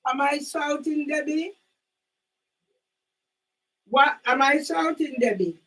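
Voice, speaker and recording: A woman with a very high voice argues with a neighbour on her doorstep. She keeps asking questions and says the same words over and over. Her voice sounds distant, as if she is standing back from the recorder. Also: slow, a bit bright. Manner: questioning, repeats herself, asks for things to be repeated. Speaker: channel owner.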